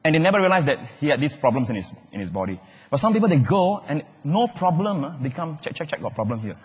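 A man with a Singaporean English accent preaching a sermon, animated and joking, often acting out other people's voices. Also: on the high side, fast, slightly rough. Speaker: pastor. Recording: echoey hall with long reverb.

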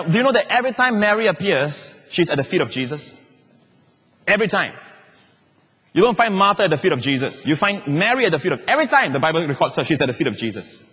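Pastor, male, fairly high voice, lively emphatic sermon delivery with hushed low drops, echoing church hall. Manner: animated preaching, rising to excited emphasis and dropping to soft, low asides.

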